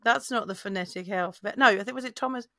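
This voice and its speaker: A woman's voice: mid-range voice, quick pace, pushed and bright, dry recording, clean studio sound. A woman co-hosting a casual chat, telling stories and laughing often. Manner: chatty storyteller, laughs often. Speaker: podcast co-host.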